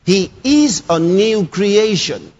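This sermon comes through dull lo-fi audio with long hall reverb. The preacher, high-voiced and sing-song, takes it slowly, emphatically reading and repeating scripture lines and building to shouts as he presses them home.

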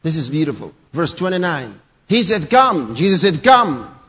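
High husky preacher guy, hammering the same lines over and over, dull lo-fi sound, big hall echo. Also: lively intonation, brisk. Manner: emphatic, repeats scripture lines, rising to shouts. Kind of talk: sermon.

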